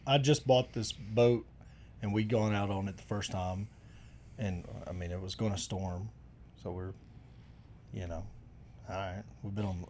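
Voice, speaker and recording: Low-voiced man telling stories. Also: a little mellow. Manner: folksy rambling storyteller, many restarts. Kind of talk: casual conversation.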